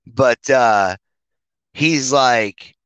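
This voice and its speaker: A man's voice: medium pitch, very slow, a bit bright, clean tone, no room sound, highs cut off. A man chatting on a podcast, telling rambling stories full of swearing and restarts. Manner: rambling, profane storytelling. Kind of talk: casual podcast chat.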